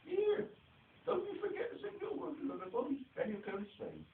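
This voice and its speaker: A man voicing a bossy mother who calls up the stairs in a shrill, scolding falsetto. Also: sing-song, moderate pace, a little hiss or hum. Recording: distant echoey lo-fi recording.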